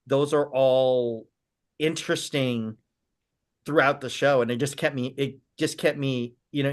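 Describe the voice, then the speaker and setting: A man talking as a podcast guest, telling memories eagerly in a rambling way and acting out quoted lines. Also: mid-range voice. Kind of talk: casual interview chat.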